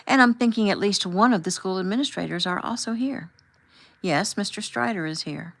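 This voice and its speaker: A woman's voice: mid-range voice, normal speed, gravelly, a bit bright, no echo. A woman voicing a prim, self-important woman chaperone who talks in a flustered, defensive way in an audiobook.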